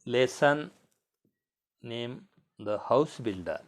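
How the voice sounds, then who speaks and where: Man, school teacher, bilingual lesson, slow, repeats words for the class. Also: mid-range voice, animated.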